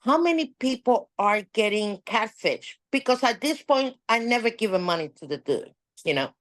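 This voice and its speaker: A woman guest on a podcast, telling a story in a casual, animated way, with nonstandard English grammar. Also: on the high side, moderate pace, no echo. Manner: animated, acts out quoted dialogue.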